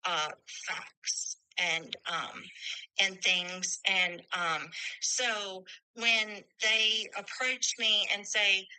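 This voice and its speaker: A woman's voice: mid-range voice, steady tone, very slow, bright, forceful tone, smooth, dry recording, rough recording. A middle-aged woman telling stories bluntly in casual conversation. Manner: blunt, storytelling with quoted dialogue.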